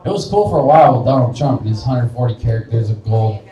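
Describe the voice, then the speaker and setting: This stand-up set comes from a young Wichita, Kansas comedian with a medium-pitched, dark voice that's expressive and quick. On a small bar's live stage he rambles through self-deprecating material, often cracking up at his own jokes, heard from a distance in the echoey room.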